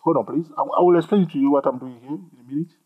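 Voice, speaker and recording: A man with a husky voice teaching a trading chart tutorial, animated, repeating himself and joking with viewers. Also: on the high side, racing, phone-quality sound. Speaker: trading instructor. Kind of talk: screen-recorded chart tutorial.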